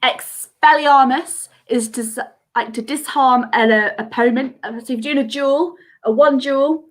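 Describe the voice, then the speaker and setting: A woman's voice: high-pitched, moderate pace. A woman hosting a live online quiz from home, chatty and giggly, reading out answers in a sing-song lilt over a video call mic. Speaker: quiz host.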